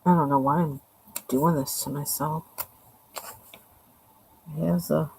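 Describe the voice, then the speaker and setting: A woman streaming live, talking quietly to herself in casual chat as she colors a drawing. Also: low voice, fairly even intonation, takes it slowly, vocal fry, a little hiss or hum, low-quality recording. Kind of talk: casual self-talk while coloring.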